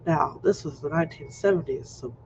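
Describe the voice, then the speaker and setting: Animated male storyteller in his fifties, high-pitched with a gravelly edge; lo-fi recording. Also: a little fast. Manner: animated, acts out scenes. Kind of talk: personal anecdote storytelling. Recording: muffled lo-fi recording with faint noise.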